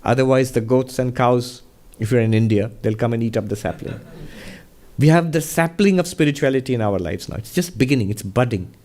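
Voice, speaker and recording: Man, monk, spiritual talk, animated storyteller, laughs often, middle pitch. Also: a little fast. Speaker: monk answering audience questions.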